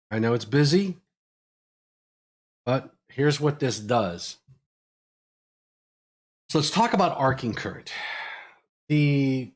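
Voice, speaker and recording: Energetic Pittsburgh man explaining fast. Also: mid-range voice. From Pittsburgh, USA. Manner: energetic, fast bursts with fillers. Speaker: electrical engineering educator. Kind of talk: live technical Q&A talk.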